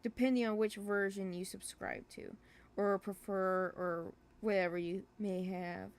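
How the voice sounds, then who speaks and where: A woman who makes a webcomic, chatting casually on a livestream in a rambling, hesitant way, full of fillers and restarts and quick to apologize for herself. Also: medium pitch, fairly even intonation. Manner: self-deprecating, apologetic. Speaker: webcomic creator streaming live.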